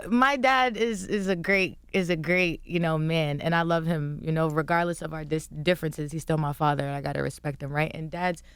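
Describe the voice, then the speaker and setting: Young woman, smooth voice, animated storytelling. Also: sits low, fairly quick, few pauses, no room sound. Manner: animated storytelling, acting out quotes. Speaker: guest. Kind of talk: casual interview chat. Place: radio studio. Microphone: studio microphone.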